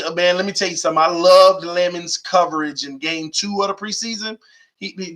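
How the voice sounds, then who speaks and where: Young male live-stream sports host, high bright voice, slangy and animated. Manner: animated, slangy, reads chat aloud, urges viewers.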